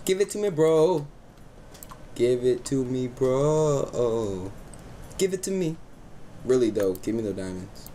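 A young man hosting a casual gaming chat, excitable and teasing, breaking into high yelps over a headset mic. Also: slow pace, long pauses, slight background noise. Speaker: let's play host.

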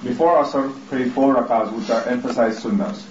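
A man reading passages of a religious text aloud, steadily and in a measured way. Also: medium pitch, a little mellow. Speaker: reader. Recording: distant, roomy lo-fi recording with faint noise.

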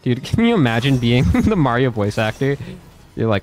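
A man's voice: medium pitch, sing-song, fairly quick, a little mellow, faint music behind. A young man doing casual gameplay commentary, chatting to viewers with frequent swearing and laughter. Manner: profane, laughing, loose chatter. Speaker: YouTuber playing a game and talking to chat.

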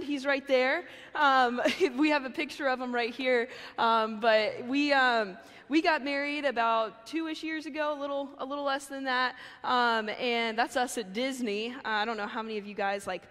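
A woman's voice: on the high side, fairly bright tone. A young woman giving a casual chapel sermon, chatty and full of fillers. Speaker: chapel speaker. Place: university chapel. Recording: long hall reverb.

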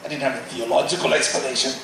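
A man giving a lively sermon testimony in a large church hall, acting out the voices in his story, heard from far off. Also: mid-range voice, rapid-fire, creaky, slight background noise. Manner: animated storytelling, acting out quotes. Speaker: guest speaker.

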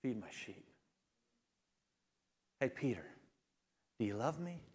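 A pastor voicing a kind, patient teacher who speaks softly and tenderly to a friend. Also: male voice, medium pitch, sing-song, takes it slowly, husky, exaggerated voice. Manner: soft, tender.

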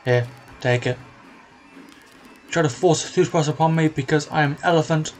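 A man's voice: fairly high pitch, moderate pace, soft background music, lightly acted. A man voicing a pushy, indignant trickster in an elephant suit in a video game, bossy and guilt-tripping.

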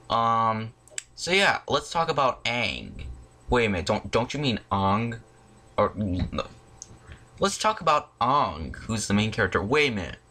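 A man's voice: medium pitch, pushed and bright. A young man recording an angry movie rant at home, irritated and profane, with exclamations throughout. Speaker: video channel host. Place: at home, in front of a disc collection.

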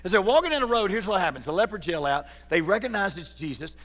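High-voiced pastor preaching. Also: male voice, animated, fast, hardly any pauses, fairly bright tone, big-room sound. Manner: folksy, joking, asks the congregation questions. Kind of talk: sermon. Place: church sanctuary.

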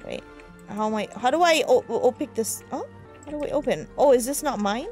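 Excitable high-voiced woman gamer. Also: brisk, faint music behind. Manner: excitable, squeals and shrieks in delight, swears when startled. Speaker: gamer streamer. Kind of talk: casual let's-play commentary.

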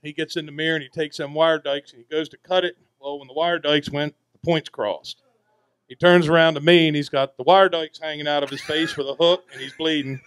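Boat captain telling stories, bit high voice, dry close sound, folksy and lively. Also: male voice, a little fast, clean tone, no echo. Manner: folksy, animated, acts out characters. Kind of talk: storytelling to an audience. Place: VFW hall event.

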